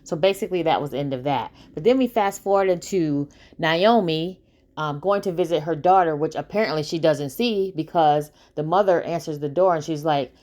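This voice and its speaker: A woman's voice: sits low, normal speed, darkish tone. A woman casually recapping a TV episode, chatty, with many fillers and asides to her viewers.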